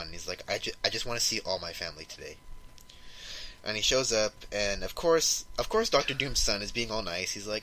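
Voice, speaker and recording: A man's voice: lowish voice, expressive, normal speed, bright, forceful tone, a little hiss or hum, poor audio. A man co-hosting a podcast, casually retelling a comic story and acting out the characters' lines with lots of "like". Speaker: podcast co-host.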